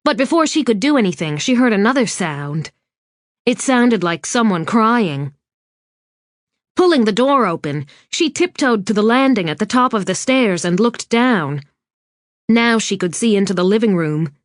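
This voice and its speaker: A woman narrating a suspense novel in a measured, even scripted reading. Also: medium pitch, no echo. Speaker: audiobook narrator. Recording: dry studio read.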